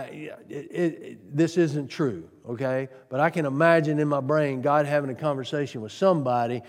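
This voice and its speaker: Guy preaching about giving, kinda high voice, earnest, lots of repeated questions, big echoey hall. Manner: earnest, repetitive rhetorical questions, swings from loud to soft. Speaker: pastor. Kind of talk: sermon.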